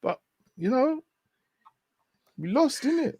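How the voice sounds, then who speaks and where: A man's voice: extremely high pitch, very animated, slow, warm tone, husky, no echo, clean studio sound, voice pushed up, full character voice. A man putting on the voice of a young man making excuses in casual slang. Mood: defensive.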